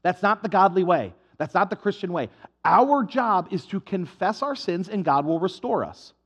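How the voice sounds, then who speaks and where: Male pastor with a high, very lively voice, preaching animatedly and slipping into playful acted-out exchanges. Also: normal speed, breathy edge. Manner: animated, acts out dialogues with comic voices. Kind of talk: sermon.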